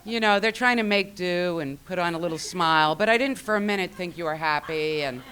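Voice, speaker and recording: A woman with a smooth, clear voice tells her own story at a recovery meeting. She is wry and self-mocking, and she slips into the voices of the people she quotes. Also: on the low side, brisk, fairly bright tone.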